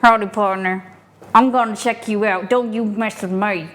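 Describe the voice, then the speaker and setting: A woman's voice: medium pitch, fairly even intonation, normal speed, a bit bright, slight background noise, natural voice. A woman voicing a blustery, swaggering cowboy customer in a put-on cowboy drawl, talking tough and threatening.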